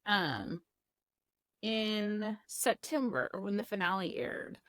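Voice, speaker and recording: A woman's voice: mid-range voice, animated, takes it slowly, fairly bright tone, no room sound. A young woman from the Midwest talks through her memories in a loose, earnest way, her sentences full of "like" and "you know". Her voice is recorded close and dry, with no room around it. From Midwest of the United States. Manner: chatty, heavy use of "like", earnest. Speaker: guest, former cooking show contestant. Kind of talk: casual interview chat.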